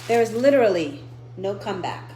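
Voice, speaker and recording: A woman's voice: medium pitch, lively intonation, brisk, dark tone, slight background noise. A woman in her fifties giving a frank, profane confessional vlog. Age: 50s. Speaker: vlogger.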